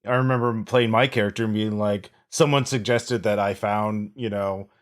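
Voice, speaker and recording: A man's voice: fairly low pitch, steady tone, normal speed. A man co-hosting a role-playing podcast, talking in a rambling, reflective way with lots of "like" and "you know". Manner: rambling, many fillers and restarts, reflective. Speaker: podcast co-host. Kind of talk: casual chat.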